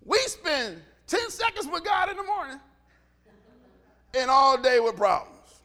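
A middle-aged man preaching a sermon, animated, swinging from quiet asides to shouts and acting out dialogue. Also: extremely high pitch, unhurried. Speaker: pastor.

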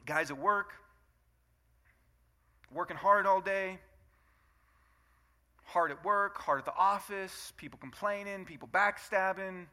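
A man in his thirties preaches with a bright, forceful voice, sitting a little above the usual male pitch. He talks to the congregation like a friend, firing off rhetorical questions and acting out both sides of arguments between spouses. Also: takes it slowly, long pauses. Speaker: pastor. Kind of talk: sermon.

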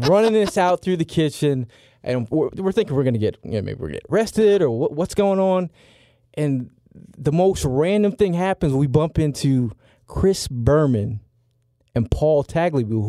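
A man in his forties, a podcast regular, telling a story in a lively, excitable way with many fillers. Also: on the high side, dry recording, studio quality. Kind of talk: animated storytelling.

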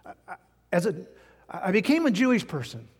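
A man preaching a sermon as pastor, folksy and animated, chuckling now and then at his own jokes. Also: high voice, brisk, husky, big-room sound.

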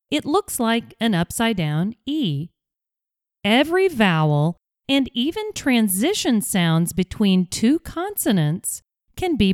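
A woman hosting a scripted English pronunciation podcast, modeling sounds slowly and carefully. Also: mid-range voice, darkish tone, dry recording, clean studio sound.

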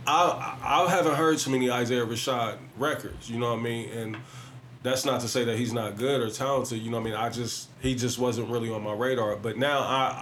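A man's voice: medium pitch, slight background noise. A man hosting a casual discussion, talking loosely with frequent "you know what I mean" asides. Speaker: podcast host.

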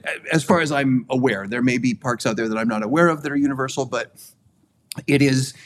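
A man in casual podcast discussion, his voice sitting at an average pitch. He talks in a measured, hesitant way, full of ums and restarts. A faint noise hangs under the recording. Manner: hedging, filler-heavy, measured. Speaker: podcast co-host.

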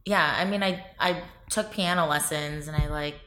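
A woman's voice: sits low, moderate pace, sharp tone. A woman in her thirties co-hosting a podcast, chatting in a giggly, self-mocking way while recapping a TV show. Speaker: podcast co-host. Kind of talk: casual chat recapping a TV show. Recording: echoey room.

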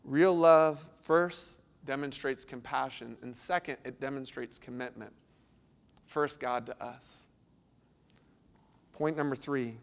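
A man pastor preaching a sermon, swinging between lively emphasis and quiet, intense passages. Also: mid-range voice, slow, vocal fry, long pauses. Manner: dynamic delivery, sudden drops to quiet intensity.

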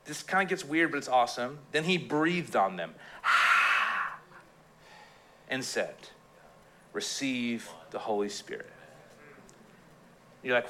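A male pastor preaching a casual sermon, telling stories in a jokey, animated way and slipping into playful quoted voices. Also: mid-range voice, takes it slowly, pauses often, slight background noise. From Canada.

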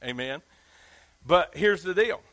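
Bright, high-voiced Southern preacher man. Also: expressive, slow pace. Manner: emphatic, folksy, asks the listeners questions. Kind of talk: sermon.

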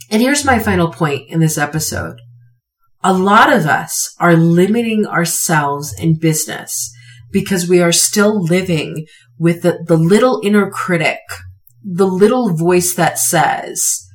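A woman's voice: on the low side, measured pace, recorded from a distance. A woman hosting a podcast, giving an earnest, emphatic motivational talk and repeating phrases for weight. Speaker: podcast host.

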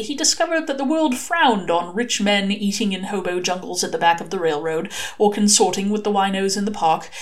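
Expressive woman reading a story aloud. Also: a little high. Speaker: reader. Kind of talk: audiobook reading of a short story.

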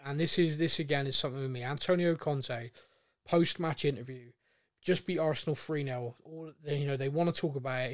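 A man co-hosting a football podcast in casual chat, animated and laughing often. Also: on the high side, brisk, dry recording, studio quality. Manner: animated, laughing, mimics a manager's rants. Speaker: podcast co-host.

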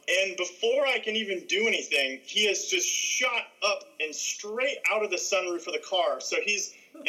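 A young man, a guest, telling a childhood story in a lively, laughing way. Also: high voice, low-quality recording. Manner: animated, laughing through the story. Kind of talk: casual storytelling.

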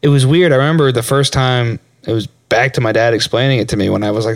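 A man's voice: mid-range voice, quick pace, hardly any pauses, no room sound, studio quality. A young man co-hosting a podcast in casual chat, rambling, laughing often and swearing freely. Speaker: podcast co-host.

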